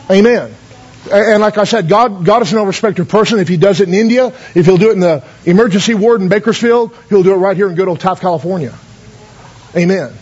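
A man's voice: high-pitched, a little mellow, breathy edge, muffled recording. A man pastor telling stories in a sermon, folksy, with many fillers and calls of amen. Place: church.

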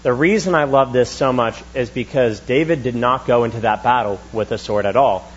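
A young man preaching a sermon in a church, in a relaxed, chatty style with quick asides. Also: mid-range voice, husky, dull audio. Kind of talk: casual conversational sermon. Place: church sanctuary.

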